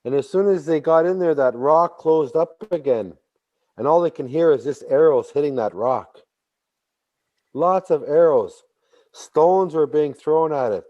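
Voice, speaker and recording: Slow-paced male oral storyteller. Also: on the high side, highs cut off. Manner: slow, repetitive, with sudden animated emphasis. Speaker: traditional storyteller.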